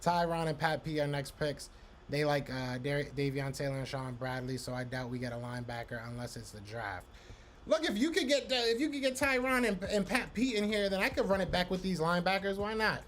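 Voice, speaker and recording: A man's voice: a little high, brisk, fairly bright tone, slight background noise. A man hosting a live podcast stream, casually reacting to chat and repeating himself. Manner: loose, repetitive, talks to chat by name.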